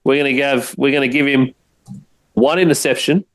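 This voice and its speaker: Australian man, podcast guest, measured, deliberate, casual sports chat. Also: mid-range voice, fairly even intonation.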